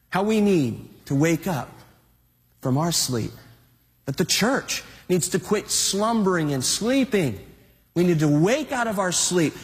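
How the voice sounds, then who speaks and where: A male pastor preaches with animated, exhorting energy, telling a story in a high voice. His pitch rises and falls widely, and a long hall reverb follows his words. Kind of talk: sermon.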